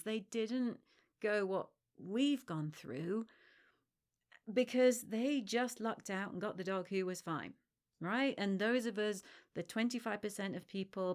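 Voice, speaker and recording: A woman hosting a solo podcast as a dog trainer, talking emphatically and reassuringly straight to the listener. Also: medium pitch. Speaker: dog separation-anxiety trainer and podcast host.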